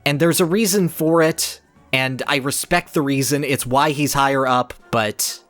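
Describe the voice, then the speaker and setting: A man's voice: mid-range voice, unhurried, a bit bright, faint music behind. A man in a casual game discussion who lays out his views with passion and analysis. His talk flows in long, eager runs of opinion, stacked point upon point. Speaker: podcast co-host.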